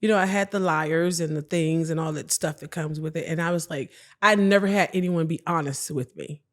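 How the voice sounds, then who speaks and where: A woman's voice: deep voice, a little fast. A woman guesting on a podcast, talking about her life in a bold, playful and candid way. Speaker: guest singer. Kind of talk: casual interview chat.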